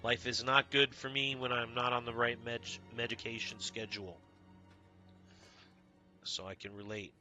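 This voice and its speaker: A man's voice: mid-range voice, normal speed, pauses often, lo-fi sound, soft background music. A man chatting casually with his viewers during a game stream, greeting them by name and swearing freely. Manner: talks to chat by name, excitable, swears casually. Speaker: live streamer. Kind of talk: casual gameplay stream chat.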